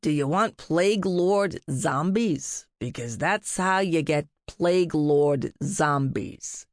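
Rumpus is a grumpy, sarcastic male animal familiar, put on by a woman reading the story aloud. He talks in a huffy, sardonic way, slow and low, with a voice set apart from the narration, recorded dry and close. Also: animated, gravelly, dry recording, heavily acted.

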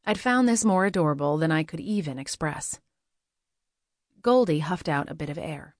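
A woman reading a first-person novel aloud as an audiobook narrator, in a measured, steady storytelling manner. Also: sits low, no echo, clean studio sound.

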